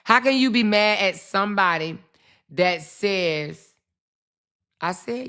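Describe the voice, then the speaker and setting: Blunt, profane woman with a bright voice. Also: fairly low pitch, expressive, slow, pauses often. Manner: blunt, profane, repeats herself, asides to viewers. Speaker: channel host. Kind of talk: casual livestream commentary.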